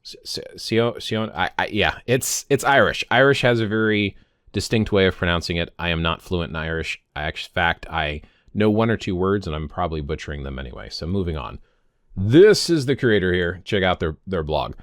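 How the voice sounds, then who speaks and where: A man in his fifties makes a casual pagan vlog, talking to camera in a rambling way, stumbling on words and often self-correcting. His low voice is expressive at a normal speed, and the studio sound is clean and echo-free.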